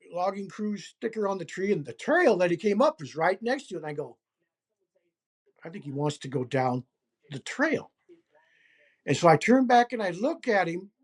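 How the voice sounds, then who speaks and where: Man telling a tense story, gesturing. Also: high-pitched. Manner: deliberate, acts out gestures as he narrates. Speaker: interview guest recounting a hunting encounter. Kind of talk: first-person storytelling in an interview.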